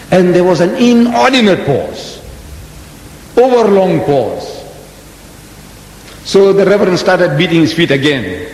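A man's voice: expressive, unhurried, gravelly, darkish tone. A man in his seventies giving a religious lecture to an audience, telling a story dramatically with rhetorical questions. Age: 70s. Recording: echoey hall with faint rumble.

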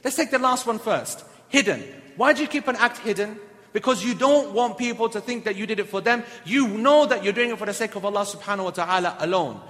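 A man giving a lively sermon, telling stories and acting out the people in them. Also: sits high, fairly quick. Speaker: preacher. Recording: long hall reverb.

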